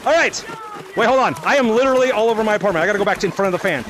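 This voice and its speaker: A man in his thirties excitedly shouting and laughing through VR gameplay commentary from his apartment, on a headset mic. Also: high voice, rapid-fire, a little hiss or hum. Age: 30s. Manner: shouty, playful, laughing a lot. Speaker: gaming content creator.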